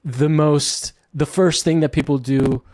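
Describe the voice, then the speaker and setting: A man's voice: a little high, steady tone, a little slow, a little mellow, dry recording, studio quality. Rambling jokey man hosting a podcast. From Cuban heritage. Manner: rambling, jokey, many restarts. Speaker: podcast host. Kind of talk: casual podcast chat.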